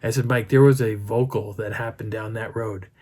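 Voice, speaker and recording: A middle-aged man tells his story in a casual, rambling first person, circling back and restarting as he goes. His voice sits a little low with a husky edge. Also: normal speed. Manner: rambling, animated retelling with many restarts. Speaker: Bigfoot researcher telling a field story.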